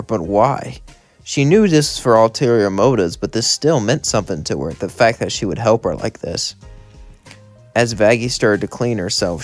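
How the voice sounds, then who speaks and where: Male storyteller, casual fan-fiction narration, long run-on sentences, faint music bed. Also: lowish voice.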